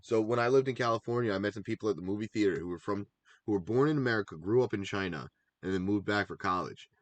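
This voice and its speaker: A man's voice: lowish voice, fast talker, dry recording. A man co-hosting a casual recap show, chatting about his picks in a rambling, enthusiastic way and drifting into tangents. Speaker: podcast co-host.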